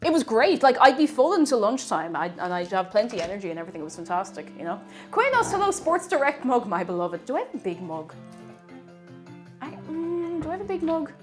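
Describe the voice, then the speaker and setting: A woman's voice: fairly high pitch, very animated, fairly quick, a little mellow, soft background music. A young Irish woman chatting casually on a cooking live stream in her home kitchen, reading out viewer comments with playful asides.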